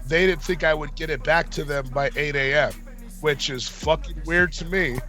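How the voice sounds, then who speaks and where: A man's voice: fairly high pitch, moderate pace, sharp tone, soft background music. A man casually telling a long, profane story on a podcast, acting out the arguments he quotes. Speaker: podcast co-host.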